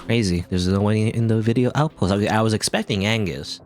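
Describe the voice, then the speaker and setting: Man, from Canada, let's play host, rambling jokey commentary, low voice, faint game music behind. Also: brisk, a little mellow. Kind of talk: casual gameplay commentary.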